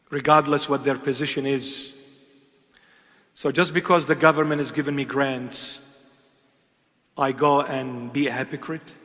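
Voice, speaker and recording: A man preaching an impassioned sermon, swinging between loud emphatic calls and hushed, intimate asides. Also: mid-range voice, big-room sound.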